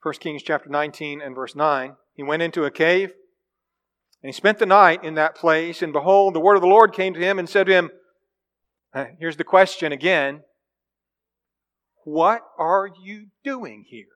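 A man's voice: a little high, steady tone, normal speed, a bit bright. A man preaching a sermon in a conversational way, reading scripture and then explaining it, often asking his listeners questions. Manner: reads scripture then explains, voice rising and dropping.

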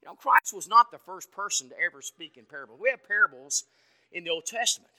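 A man preaching an evening sermon in a folksy, conversational way, asking the congregation questions and swinging from loud to soft. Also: high voice, expressive, fast talker. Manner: dynamic, swings from loud to quiet.

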